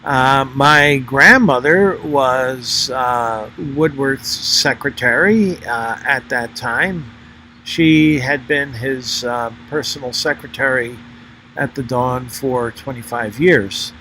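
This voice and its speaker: An older man talking through old photographs and his memories, pausing often, with many fillers and restarts. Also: mid-range voice, pushed and bright, slight background noise, low-quality recording. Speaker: former member narrating a history video. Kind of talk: unscripted spoken commentary over photos.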